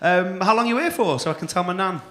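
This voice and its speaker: A man's voice: high voice, fast talker, a bit bright. A male comedy compere, doing brash, teasing crowd work full of swearing at a stand-up gig. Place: comedy club stage. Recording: echoey club room.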